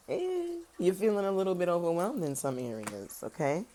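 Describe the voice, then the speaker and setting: A woman giving a casual tarot reading, talking straight to her viewers in a sassy, animated way. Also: fairly low pitch, unhurried, slight background noise. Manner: animated, swings between loud emphasis and soft serious tones. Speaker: tarot reader.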